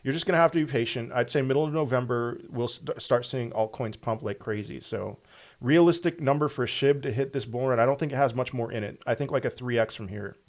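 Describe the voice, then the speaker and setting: A young man runs a casual livestream Q&A. His voice sits at an ordinary middle pitch. He reads viewer questions out and answers them loosely, full of fillers and restarts. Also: a little fast. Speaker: crypto livestream host.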